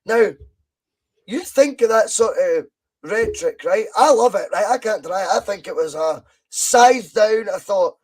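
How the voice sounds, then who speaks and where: A Scottish man in his thirties hosting a casual football podcast over a video call, talking in an excitable, sweary, rambling way. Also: high-pitched, normal speed, low-quality recording.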